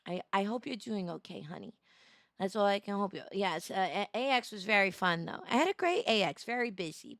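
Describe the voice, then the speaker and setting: Young woman, streamer, tired voice, slow-paced, dry close sound, chatty with sudden excited yells. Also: fairly high pitch, clear, resonant tone, dry recording. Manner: chatty, warmly greeting viewers by name, breaks into sudden excited yells. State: tired voice needing rest. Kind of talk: casual live-stream chat.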